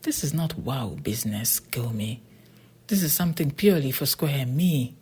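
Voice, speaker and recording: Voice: medium pitch, expressive, moderate pace, a little mellow, husky. An audiobook narrator voicing a boy twin who leads his friends and bargains firmly. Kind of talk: storybook character voice.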